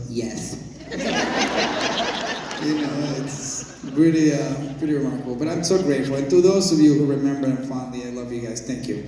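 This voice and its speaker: A male actor guest tells stories in an easy, chatty manner, full of fillers and quick laughs. His voice sits at an ordinary pitch. It carries from a distance through a long, echoey hall with a noisy background. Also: a little mellow. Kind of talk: casual storytelling interview.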